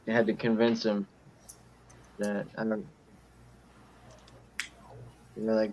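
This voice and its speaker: A man's voice: on the low side, monotone, normal speed, darkish tone. A man joining a Bible study over a call, speaking hesitantly with fillers through a weak microphone. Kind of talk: casual group chat over a call. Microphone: computer or phone mic on a call. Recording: dull lo-fi call mic with noise.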